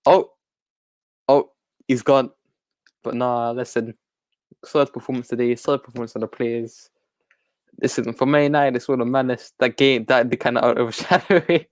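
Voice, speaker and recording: A man's voice: mid-range voice, fairly even intonation, normal speed, long pauses, no echo. Chill guy co-hosting a football chat, dry close sound, laid-back. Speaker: co-host.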